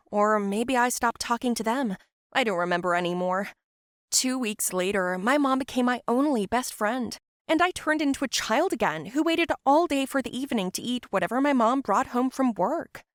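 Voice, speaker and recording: A woman's voice: a little high, expressive, normal speed, no room sound, studio quality. A woman narrating a first-person story and voicing all the other characters herself.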